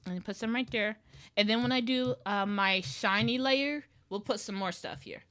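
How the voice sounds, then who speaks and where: A woman's voice: mid-range voice, moderate pace, fairly bright tone. A woman streaming her digital drawing process, chatting casually and rambling playfully as she talks to herself about each step. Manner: rambling, self-talking, playful. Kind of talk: casual live-stream chat while drawing.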